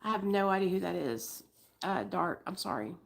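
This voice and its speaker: A woman in her forties hosts a loose, casual live stream and talks straight to her viewers. She is blunt and profane, and she often stops to coax her dogs in a high, sing-song voice. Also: expressive, normal speed, gravelly. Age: 40s. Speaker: livestream host.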